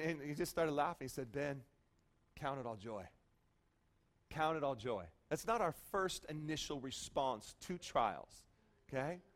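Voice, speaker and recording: A male pastor preaching a sermon in a lively, conversational way, often checking in with "okay?". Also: sits high.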